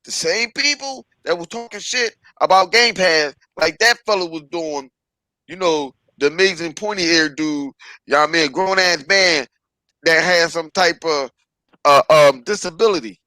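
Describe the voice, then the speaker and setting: A podcast host launches into a profane, preachy rant, saying "stop it" again and again. His voice is fairly high and forceful, bright in tone, at normal speed, on a dry recording of poor quality.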